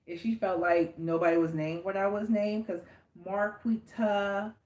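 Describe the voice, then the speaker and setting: A woman from the Los Angeles area co-hosting a casual podcast chat, animated and quick to laugh, trailing off into restarts. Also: mid-range voice, reverberant. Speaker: co-host.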